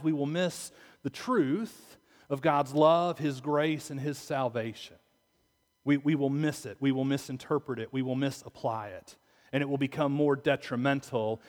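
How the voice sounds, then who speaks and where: A man preaching a sermon as pastor, talking conversationally and asking his listeners rhetorical questions. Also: on the high side. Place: church sanctuary. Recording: long reverb of a church hall.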